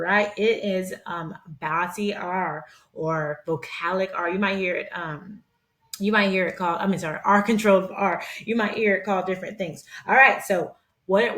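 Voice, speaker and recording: A woman teaching young children to read, giving patient phonics instruction with encouraging, sing-song praise and slowly stretched sounds. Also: medium pitch, bright, forceful tone, far from the mic. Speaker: reading teacher. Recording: roomy echo, speaker away from the mic.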